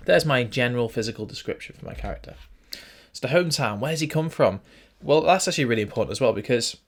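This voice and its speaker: A man's voice: medium pitch, lively intonation, quick pace. A young man hosting a casual writing tutorial, chatting and thinking aloud as he works through a form. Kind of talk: casual screen-recorded tutorial. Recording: faint background noise and typing clicks.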